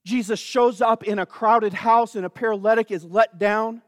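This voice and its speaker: A man's voice: high-pitched, fairly even intonation, normal speed, no echo, studio quality, big-room sound. A man preaching a sermon, emphatic and calling out to the congregation.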